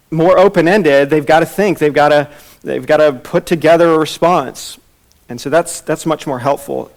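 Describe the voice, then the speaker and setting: Man teaching a church class, slightly high. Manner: conversational, with restarts and acted-out quotes. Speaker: Bible teacher.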